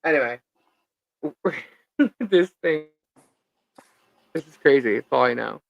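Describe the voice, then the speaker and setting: A woman's voice: very deep voice, expressive, slow, gravelly, no echo, highs cut off. Dry-sounding woman, rambling and laughing. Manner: rambling storyteller, laughs often, many fillers. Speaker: co-host of a live stream. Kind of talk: casual live-stream chat.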